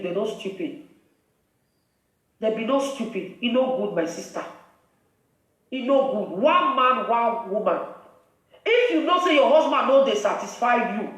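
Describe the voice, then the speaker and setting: A woman with a Nigerian accent, hosting a live video and scolding in a preachy, emphatic way. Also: a little high. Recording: very echoey room, voice far from mic.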